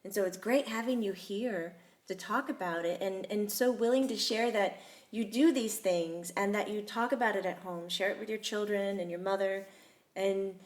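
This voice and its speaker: Chatty woman hosting a talk show. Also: mid-range voice. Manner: chatty, animated storytelling with laughter. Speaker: host. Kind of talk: casual chat.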